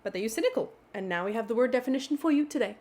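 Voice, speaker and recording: A woman hosting a casual vocabulary video, explaining words in a playful, animated way with little exclamations. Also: on the high side, very fast. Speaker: vocabulary channel host.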